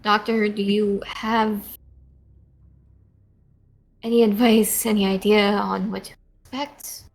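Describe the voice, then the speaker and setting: A woman playing a tabletop game, calmly reassuring a fellow character and asking practical questions. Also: medium pitch, slow pace, creaky, rough recording. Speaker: player. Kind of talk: tabletop role-play, in character.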